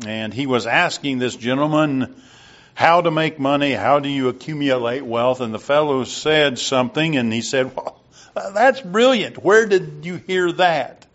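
A man preaching a sermon and retelling a story in a slow, deliberate way, on a dull lo-fi recording. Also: mid-range voice, fairly bright tone.

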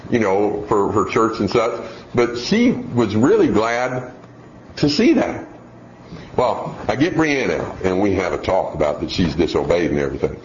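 Low male voice, folksy rambling storyteller, slightly muffled recording. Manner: folksy, rambling, chuckles as he tells it. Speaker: father telling a family story. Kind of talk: casual storytelling. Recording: dull lo-fi recording with faint background hiss.

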